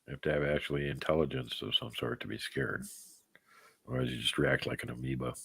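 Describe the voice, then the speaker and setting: A man's voice: extremely low pitch, fairly even intonation, fast talker, creaky, sharp tone, slightly rough, no room sound. A man hosting a live show in casual chat, rambling and joking as he answers viewers' comments by name. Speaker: podcast host.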